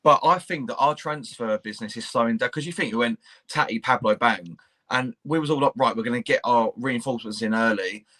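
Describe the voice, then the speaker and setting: A man's voice: mid-range voice, brisk, fairly bright tone. A man, co-hosting a casual football chat, blunt and sweary as he rants. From England. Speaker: podcast co-host.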